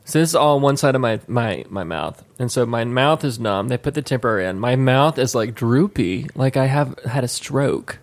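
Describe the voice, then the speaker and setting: This middle-aged man co-hosts a podcast in a mid-range voice, talking at a moderate pace with lively intonation and few pauses. His casual chat turns into long, rambling stories laced with swearing.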